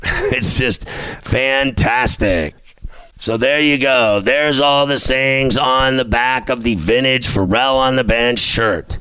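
A man's voice: medium pitch, takes it slowly, bright, forceful tone, smooth, no echo, poor audio. A man hosting a sports podcast, talking in a brash, boastful and mock-tough comedic monologue.

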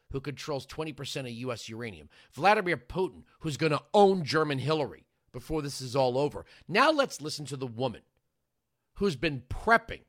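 Bright, sarcastic ranting male radio host. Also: fairly high pitch, no echo, clean studio sound. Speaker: radio talk show host. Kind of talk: combative talk radio monologue.

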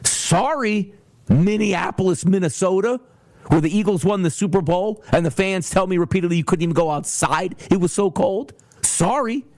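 A man hosting a solo sports talk show, ranting in an animated way and slipping into mocking voices. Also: sits high, moderate pace, no room sound. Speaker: sports podcast host.

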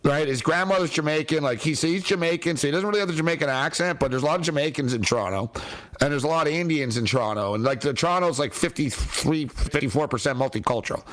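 A man's voice: fairly high pitch, quick pace, a bit bright. A man hosting a casual sports talk show, chatty and slangy, laughing often between points.

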